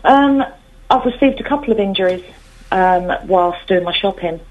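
A woman's voice: mid-range voice, lively intonation, moderate pace, narrow, tinny audio. A woman caller on a radio phone-in, speaking hesitantly with many fillers.

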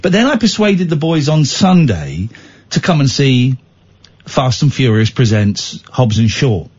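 A man hosting a late-night radio phone-in, chatting and telling stories in a playful, animated way. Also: mid-range voice, a little slow, slightly rough, dull audio. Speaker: radio show host.

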